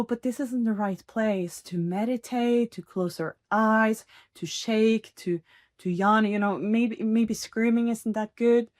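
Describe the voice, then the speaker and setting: A woman's voice: mid-range voice, a little mellow, dry recording, clean studio sound. A woman hosting a podcast on her own, talking earnestly and encouragingly in a casual way with frequent laughs. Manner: earnest, encouraging, laughs often, many fillers. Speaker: podcast host. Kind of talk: casual solo podcast talk.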